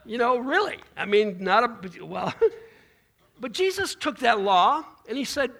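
A man's voice: very high voice, lively intonation, measured pace, gravelly, fairly bright tone. A man preaching a sermon as pastor, in an informal way with restarts and folksy asides. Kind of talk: conversational sermon.

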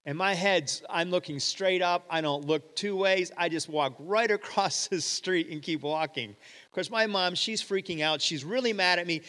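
A middle-aged man preaching a sermon, telling a story with rhetorical questions and animated quoting. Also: high voice, moderate pace. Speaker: pastor. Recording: long hall reverb.

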